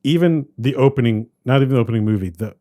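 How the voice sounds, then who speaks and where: A man co-hosting a podcast, chatting casually about a movie in a rambling, animated way that keeps trailing off and restarting. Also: mid-range voice, fast. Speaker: podcast co-host. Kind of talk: casual movie review chat.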